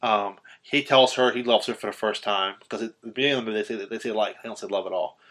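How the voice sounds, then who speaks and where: A man talking through a movie with a friend on a podcast. He has a bright, forceful tone and swears freely. He jumps into loud acted-out quotes, then drops back into easy chatter. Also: lowish voice, quick pace. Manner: animated, profane, acts out quotes loudly. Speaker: podcast co-host. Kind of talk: casual film discussion.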